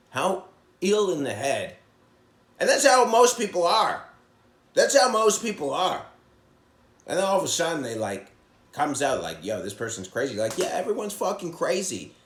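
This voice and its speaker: A man who is a comedian hosting his own podcast, ranting bluntly and profanely, jumping from loud outbursts to low mutters. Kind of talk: casual monologue rant. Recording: echoey room sound.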